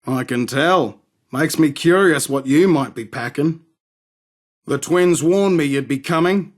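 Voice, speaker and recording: A man's voice: a little high, a little slow. A man voicing a crude, swaggering arms dealer from in a game, sardonic and rude. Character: cocky, crude male London arms dealer. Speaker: game character. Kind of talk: game voice acting.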